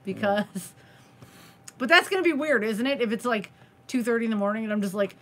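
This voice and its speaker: A woman's voice: a little high, fairly quick. A woman hosting a late-night live stream from home, chatty and giggly, teasing her viewers. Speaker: crochet channel host.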